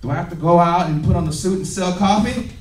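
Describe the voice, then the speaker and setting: An energetic business trainer with a high-pitched voice and a quick pace gives a motivational training talk to an audience in a meeting room. He laughs and leads call-and-response with the crowd. The echoey recording was made with a distant mic.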